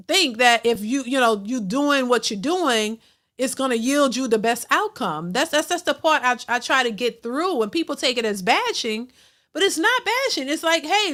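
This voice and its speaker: A woman hosts a casual reaction stream, thanking viewers and giving her take. Her voice sits a bit high, and she jumps higher when she gets emphatic, repeating words as she goes. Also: bright, forceful tone. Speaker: reaction channel host. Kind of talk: casual commentary reading super chats.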